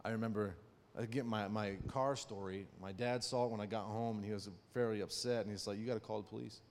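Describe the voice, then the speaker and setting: A man giving a conversational sermon, telling personal stories and often checking in with his listeners with quick rhetorical questions. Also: lowish voice, steady tone, darkish tone, a little hiss or hum. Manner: personal storytelling. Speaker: preacher. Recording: long hall reverb.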